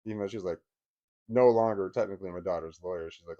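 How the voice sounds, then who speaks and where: A middle-aged man telling a personal story in a casual, rambling way, with many restarts and short laughs, getting louder and higher as he gets worked up. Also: quick pace. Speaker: vlogger.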